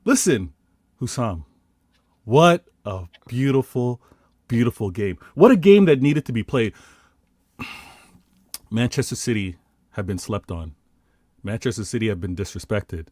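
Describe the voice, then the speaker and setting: A man's voice: lowish voice, animated, unhurried, pauses often, darkish tone, no room sound, studio quality. A Canadian man on a football podcast, giving a theatrical fan rant with mock indignation. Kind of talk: casual football podcast chat.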